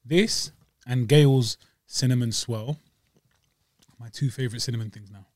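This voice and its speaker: A man's voice: medium pitch, unhurried, a little mellow, no room sound. A man, co-hosting a podcast and joking through a casual dessert review with slang and banter. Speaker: podcast co-host. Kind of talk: casual food review chat.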